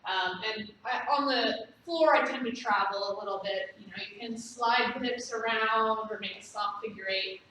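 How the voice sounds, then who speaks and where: A woman teaching a belly dance lesson, gently explaining moves and counting steps aloud. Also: a little high, moderate pace, hardly any pauses, slight background noise. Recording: very echoey room, distant mic.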